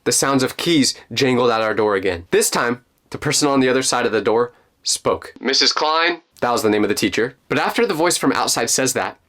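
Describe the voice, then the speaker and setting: A man's voice: mid-range voice, lively intonation, brisk, fairly bright tone. A young man narrating a personal story, building suspense and dropping joking asides.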